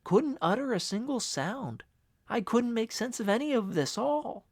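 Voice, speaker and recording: A man's voice: very high voice, lively intonation, a little slow, dry recording, clean studio sound. A man narrating an audiobook in the first person, emotional and upset.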